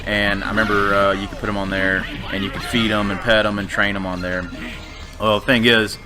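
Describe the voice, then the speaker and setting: A man's voice: fairly low pitch, little pitch movement, brisk, over music. Rambling, swearing gamer man. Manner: rambling, profane, hesitant with many fillers. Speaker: let's play gamer. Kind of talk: rambling gameplay commentary.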